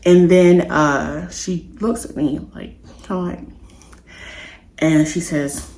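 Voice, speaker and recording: A woman's voice: on the low side, fairly even intonation, takes it slowly. A woman vlogger telling a personal story to camera in an earnest, confiding, meandering way. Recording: echoey room.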